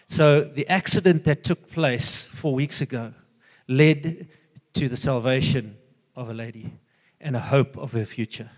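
An older man giving an earnest, halting personal testimony full of fillers and restarts. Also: mid-range voice, long reverb tail. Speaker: church member giving a testimony.

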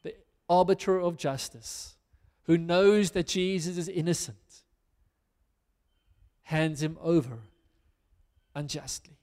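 A man's voice: on the high side, fairly even intonation, slow, pauses often, darkish tone, big-room sound. A man preaching a sermon as a pastor, reading scripture aloud and then applying it earnestly to his listeners.

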